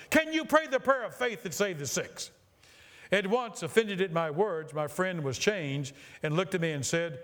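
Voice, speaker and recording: A man preaching a sermon, reading a story aloud with passion and slowing for emphasis. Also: on the high side. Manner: impassioned reading that slows for emphasis.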